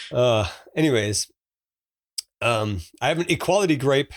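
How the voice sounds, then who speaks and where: A man in his forties co-hosts a casual movie podcast, telling stories with lots of fillers and easy laughs. His voice sits at a middle pitch. The sound is dry and close, with no room echo. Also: animated, slow pace. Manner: chatty storyteller, frequent fillers and laughs. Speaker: podcast co-host. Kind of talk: casual movie review chat.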